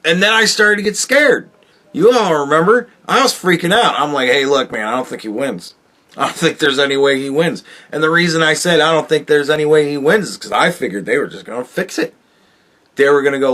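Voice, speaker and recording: Animated, profane man ranting on politics. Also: a little fast. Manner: profane, animated, swings from loud outbursts to low mutters. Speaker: podcast host.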